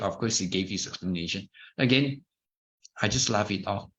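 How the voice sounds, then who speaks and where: A man's voice: medium pitch, normal speed, a bit bright. A middle-aged man with a Malaysian English accent, giving an informal dharma talk full of anecdotes, chatty with restarts and asides. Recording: muffled lo-fi recording.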